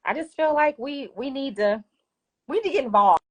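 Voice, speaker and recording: A woman's voice: high-pitched, lively intonation, normal speed, fairly bright tone. A woman hosting a casual live finance Q&A from her phone, chatty and laughing often. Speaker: finance livestream host.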